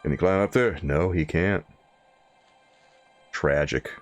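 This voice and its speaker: A man's voice: low voice, slow pace, soft background music. A man streaming a game late at night, tired, chatting and joking casually with his viewers. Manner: joking banter with chat, playful mock voices. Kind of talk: casual livestream commentary.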